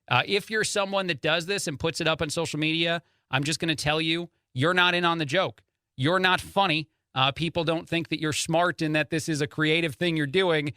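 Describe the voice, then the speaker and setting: Bright-voiced fill-in talk radio host. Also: male voice, a little high, no echo, studio quality. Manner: opinionated, frequent "uh" fillers, chuckles at the stories. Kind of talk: casual talk radio commentary.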